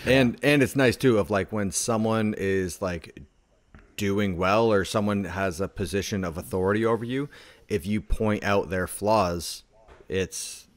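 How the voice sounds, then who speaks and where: A man's voice: on the low side, unhurried, dry recording. A man in casual conversation, rambling through stories and leaning heavily on "like". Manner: rambling storyteller, heavy on "like".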